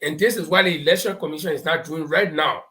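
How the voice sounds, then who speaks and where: A man's voice: a little high, fast talker, pushed and bright. A man with a Liberian English accent hosting a live talk show, giving political commentary and explaining points through homespun parables and stories. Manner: laughs while telling stories.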